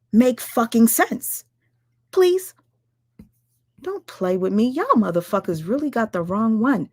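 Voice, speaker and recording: A woman ranting on her livestream, firing rhetorical questions at her viewers, swearing often and talking fast and emphatically. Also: fairly high pitch, no room sound, studio quality. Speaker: livestream commentator. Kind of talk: heated livestream rant.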